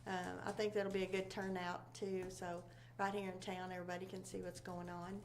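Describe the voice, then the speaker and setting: A woman from a local chamber of commerce chatting casually, rambling and halting with many fillers. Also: fairly low pitch, level tone, slight background noise. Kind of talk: casual local talk show chat.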